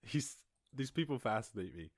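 A man from Ireland hosting a casual livestream chat, rambling, animated and laughing often as he talks. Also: medium pitch, normal speed, dry recording, studio quality. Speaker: host.

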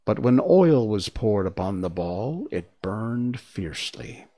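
A man reads a storybook aloud in a calm, measured way. His fairly low voice moves slowly and swings widely in pitch. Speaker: narrator. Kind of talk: storybook narration.

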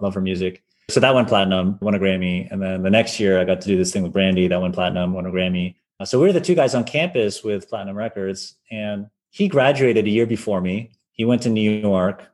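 A man in his forties, a violinist guest telling anecdotes in a loose, animated way, with lots of "like" and acted-out quotes. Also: on the low side. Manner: animated, acts out quoted voices, many fillers. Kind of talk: casual anecdotal storytelling.

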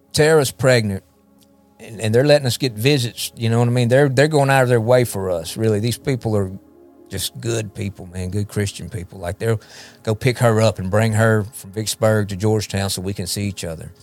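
As a guest on a podcast, this recovery ministry leader rambles through his personal testimony, repeating words and often checking "you know what I mean?" He talks at normal speed in a fairly low voice, with soft music behind him.

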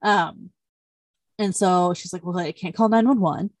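A woman's voice: lowish voice, measured pace, no echo. Young woman, chatty storyteller, lots of "like", dry and close. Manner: rambling, heavy use of "like" fillers. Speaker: storyteller recapping a plot. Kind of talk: casual chat.

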